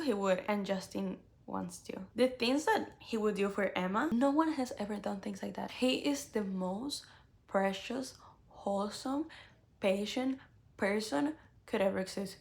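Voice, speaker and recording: Young female book vlogger, mid-pitch, gravelly fry, chatty and effusive. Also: normal speed. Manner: gushing, animated, with many "like" fillers. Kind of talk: casual book tag chat.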